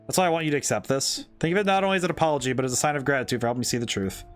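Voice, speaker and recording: A man's voice: medium pitch, racing, faint music behind, lightly acted. A man reading an earnest young fortune teller woman. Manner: reads the dialogue aloud in his own voice, calm and sincere.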